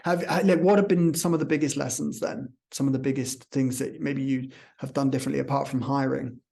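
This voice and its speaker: A man's voice: medium pitch, steady tone, fairly quick, gravelly, warm tone. A man hosting a casual interview, encouraging and enthusiastic with his guest. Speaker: podcast host.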